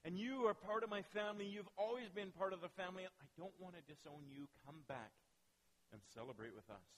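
A man's voice: sits high, a little fast, fairly bright tone. A man preaching voices a tender older father who pleads with his son. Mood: pleading.

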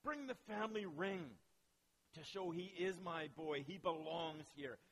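A man's voice: fairly high pitch, unhurried, a bit bright. A preacher voicing a tender pleading father. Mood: joyful. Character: warm, pleading older father.

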